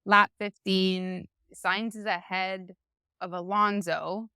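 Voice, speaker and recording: A podcast co-host, a woman with a clean, smooth, mid-range voice, chats in a relaxed, casual way. She takes her time, drawing things out and leaning heavily on fillers as she works through each point. The recording is dry and close, with no room sound.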